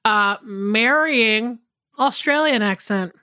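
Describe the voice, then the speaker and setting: A woman's voice: on the high side, slow pace, bright, forceful tone, clean tone, no room sound, studio quality. A woman co-hosting a podcast, talking casually and rambling with lots of fillers and restarts. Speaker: podcast co-host. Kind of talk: casual chat.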